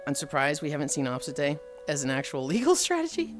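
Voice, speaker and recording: Young woman streamer, casual chat, lively pitch, lowish voice, faint music behind. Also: quick pace. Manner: animated, swears, acts out quotes. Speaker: livestreamer.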